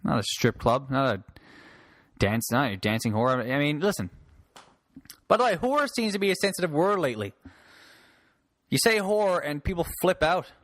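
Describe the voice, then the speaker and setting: A man's voice: on the high side, very animated, normal speed, pauses often, a bit bright, dry recording. Profane rambling man from Newfoundland. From Newfoundland, Canada. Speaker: podcast host and stand-up comic. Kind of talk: casual solo podcast rant.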